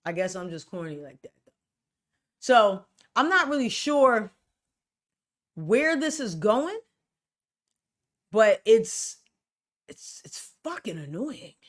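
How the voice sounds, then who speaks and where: A young adult woman hosting her own show, talking bluntly and with plenty of swearing in a loose, animated solo rant. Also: mid-range voice, slow, pauses often. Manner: blunt, profane, animated rants with laughs. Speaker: podcast host. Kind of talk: casual solo commentary.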